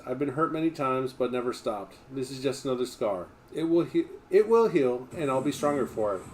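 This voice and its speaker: A man reading a memoir aloud on a livestream, in an emphatic, blunt manner with plenty of swearing. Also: medium pitch.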